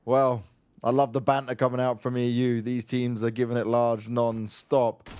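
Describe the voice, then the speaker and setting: A man casting a live esports match with fast, punchy play-by-play and teasing banter, on a headset mic. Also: mid-range voice, level tone, darkish tone, smooth.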